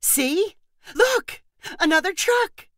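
A woman's voice: high voice, sing-song, moderate pace, a bit bright, no room sound, clean studio sound, voice pushed up. A woman voicing a frazzled, exasperated young aunt at her wits' end, with pleading, exclamatory outbursts. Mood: eager.

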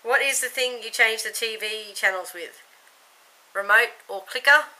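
A woman's voice: a little high, normal speed, sharp tone, poor audio. A young woman from Queensland with an Australian accent, chatting casually through an accent tag vlog, giggly and losing her place now and then. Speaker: vlogger.

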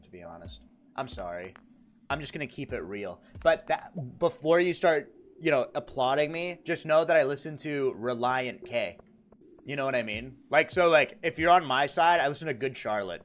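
Lively, joking young male streamer. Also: medium pitch. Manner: joking and animated, laughs often. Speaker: game streamer. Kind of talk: casual livestream chat, reacting to chat.

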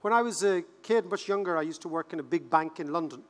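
A man in his fifties with an Irish accent, giving a conference keynote as a joking, animated storyteller who repeats words for effect. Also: on the high side, quick pace. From Ireland. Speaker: keynote speaker. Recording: reverberant hall.

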